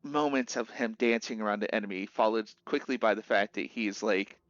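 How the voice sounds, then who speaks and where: A young male streamer chats casually about a video game, animatedly telling stories and acting out quotes in different voices. His voice is on the low side and fairly quick. The mic sounds dull, lo-fi and dry, with no echo.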